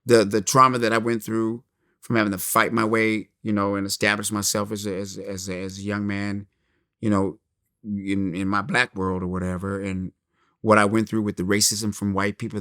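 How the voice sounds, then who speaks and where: A middle-aged man, a comedian guest in an interview, telling his story in a lively way and acting out the people he quotes. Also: on the low side, normal speed, no room sound, clean studio sound. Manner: animated storyteller, acts out quotes.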